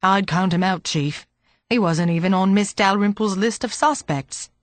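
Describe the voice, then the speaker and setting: A woman voicing a wry, cheerful police sergeant, pushing her voice low and gruff to play a man. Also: moderate pace, fairly bright tone, no room sound.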